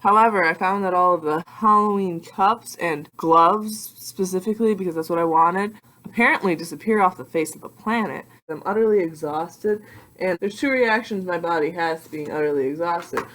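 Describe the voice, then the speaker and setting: A young adult woman vlogging casually to her computer webcam, rambling and excitable with self-mocking asides. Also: fairly low pitch, moderate pace. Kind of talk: casual vlog talk to camera.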